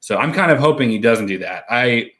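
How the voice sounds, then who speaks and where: A man's voice: mid-range voice, expressive, a little fast, fairly bright tone. A man co-hosting a casual live stream at home, reading out viewer comments and rambling through his answers with frequent fillers and laughs.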